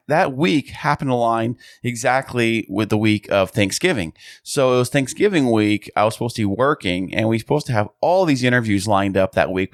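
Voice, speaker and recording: Hoarse, stuffy-nosed male podcast co-host, husky, chatty, dry close sound. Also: mid-range voice, dry recording. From Southern California. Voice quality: nasal, husky. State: hoarse from illness. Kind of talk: casual chat. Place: home podcast studio.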